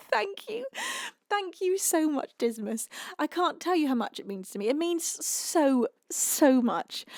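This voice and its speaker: A young woman, a singer-songwriter streaming live, gushing through thank-yous to her chat with frequent laughs and soft whispered asides. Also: high voice, dry recording, studio quality. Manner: gushing, emotional, laughs often, drops to a whisper. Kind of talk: chatty livestream thank-yous.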